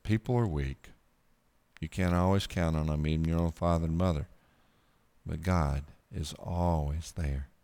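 A man delivers a folksy sermon, reading scripture and reflecting on it, now hushed and now emphatic. His voice is smooth and resonant. It carries a long hall reverb. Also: extremely low pitch, fairly even intonation, normal speed. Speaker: preacher.

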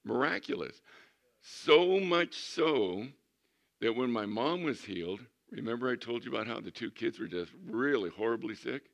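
A male pastor telling a testimony story in a sermon, animated and acting out what people said. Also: medium pitch, moderate pace, creaky.

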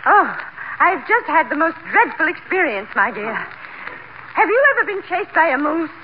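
An actress playing a prim, haughty society matron with a refined, unflappable manner, in a radio comedy. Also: female voice, sits high, big pitch swings, measured pace. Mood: genteel. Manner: refined, genteel, unflappable delivery. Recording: muffled old radio broadcast with hiss.

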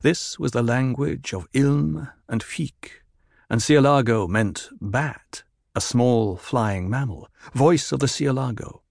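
Gravelly male audiobook narrator. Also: mid-range voice, takes it slowly, darkish tone, no room sound, studio quality.

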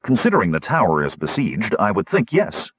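A man voicing a steady, dutiful young knight who speaks firmly and plainly. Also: on the low side, a little fast, husky, no echo, lo-fi sound, full character voice. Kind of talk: audiobook character voice.

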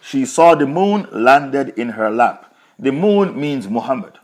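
A man's voice: mid-range voice, big pitch swings, unhurried, a little mellow. A man teaching a Quran commentary lesson, retelling a story with emphatic repetition.

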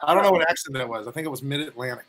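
A man's voice: on the high side, lively intonation, rapid-fire, a bit bright. A young man co-hosting a casual show, joking around, hyped and swearing casually. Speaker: co-host.

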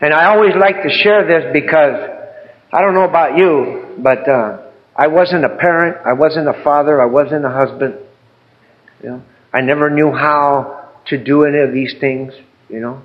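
Older guy telling his recovery story, rambly and heartfelt, slightly high voice, muffled lo-fi recording. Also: moderate pace. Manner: heartfelt, rambling, peppers with "man" and "you know". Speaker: recovery speaker. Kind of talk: personal testimony talk.

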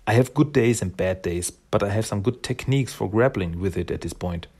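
Man doing a mild-mannered comic turtle, quiet, gravelly. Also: lowish voice, fairly quick. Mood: reassuring. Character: calm thoughtful young male mutant turtle.

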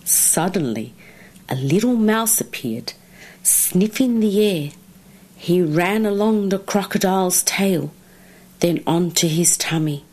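A woman reading a children's story aloud with slow, expressive, drawn-out phrasing. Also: lowish voice.

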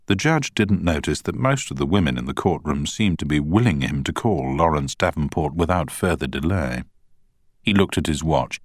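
A man narrating an audiobook with steady, scripted storytelling on a close studio mic. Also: rumbling low, moderate pace, no room sound.

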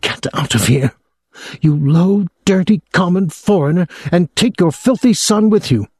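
A man's voice: mid-range voice, sing-song, normal speed, dark tone, no echo, clean studio sound, pitched above the performer's own voice. A male audiobook narrator voicing a spiteful female schoolteacher who hisses her words in a harsh whisper. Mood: venomous. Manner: hissing, venomous.

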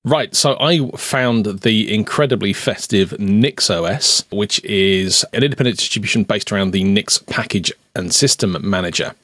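A man co-hosting a casual tech podcast, speaking in a measured, polite way. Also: lowish voice, a bit bright, no echo, clean studio sound. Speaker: podcast co-host. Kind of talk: casual chat.

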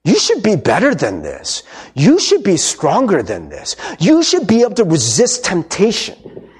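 A man's voice: high voice, wildly swooping pitch, unhurried, breathy edge, full character voice. A man putting on a nagging inner voice of condemnation, hissing accusations in a sermon. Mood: accusing.

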